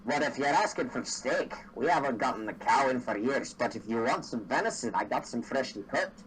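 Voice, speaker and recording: A man's voice: medium pitch, animated, brisk, a bit bright, a little hiss or hum, lightly acted, low-quality recording. A man voicing a friendly, chatty male dwarf bartender who calls people laddie and lassie. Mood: hearty.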